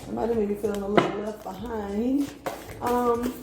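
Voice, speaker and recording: A woman's voice: fairly high pitch, steady tone, normal speed, very noisy. A woman giving a casual tarot reading who talks bluntly, swears freely, laughs often and trails off into fillers. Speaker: tarot reader. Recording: echoey room with faint music.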